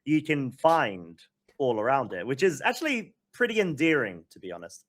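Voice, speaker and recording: A man hosting a gaming podcast, talking in a rambling, animated, filler-heavy casual chat. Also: medium pitch, moderate pace. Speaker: podcast host.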